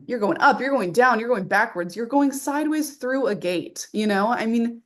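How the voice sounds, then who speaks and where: A woman's voice: a little high, lively intonation, normal speed. A woman guest on a podcast, a rally driver, explaining things in an easygoing way with frequent laughs. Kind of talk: casual interview chat.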